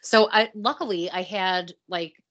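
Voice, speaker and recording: A woman's voice: lowish voice, a little slow, a bit bright, muffled recording. A woman co-hosting a casual podcast, making wry joking remarks. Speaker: podcast co-host.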